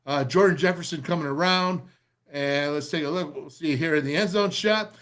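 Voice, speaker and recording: Excitable man, high voice, football film breakdown, rambling and pumped up, middle-aged. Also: normal speed. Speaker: radio show host breaking down game film.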